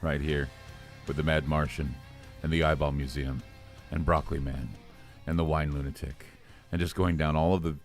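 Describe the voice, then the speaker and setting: A man's voice: a bass voice, level tone, moderate pace, pauses often, soft background music. A male talk show host who interviews a guest in casual chat and tells stories with theatrical flair. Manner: storytelling, theatrical.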